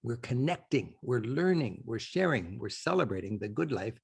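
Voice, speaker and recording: A man hosts a travel show, talking straight to the camera in a loose, eager way. His voice has a slightly husky edge, and he circles back to hammer home his points. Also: medium pitch, expressive, moderate pace, darkish tone. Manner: enthusiastic, chatty, repeats for emphasis. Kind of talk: casual on-location talk to camera.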